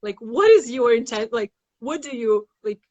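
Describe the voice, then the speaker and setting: In a lo-fi recording, a woman with a slightly high, expressive and mellow voice talks at a moderate pace as a guest facilitator in a casual spiritual conversation. Blunt and rambling, she fills her speech with "like," throws in some swearing, and dramatizes inner voices.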